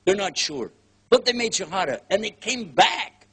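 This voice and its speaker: An older Texan man preaches in a casual, joking lecture, his voice sitting high and very animated at a moderate pace, a bit bright and slightly rough. Folksy in manner, he acts out little scenes by quoting other voices.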